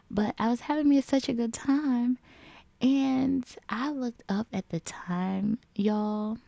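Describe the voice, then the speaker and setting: A woman's voice: mid-range voice, mellow, no room sound. A woman in a casual reflective vlog chat, rambling with lots of filler words. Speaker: vlogger.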